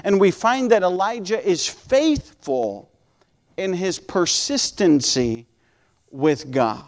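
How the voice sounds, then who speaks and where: A man's voice: sits high, very animated. A man preaching a sermon and reading Bible verses, earnest, stretching out key words, often restarting phrases. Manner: earnest, drawn-out emphasis with repeated restarts.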